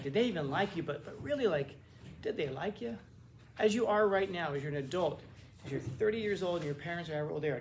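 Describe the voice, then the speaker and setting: A man's voice: on the high side, slight background noise. A male teacher giving a casual classroom lecture, acting out quotes with lots of restarts. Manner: casual, animated, acts out quotes with frequent restarts.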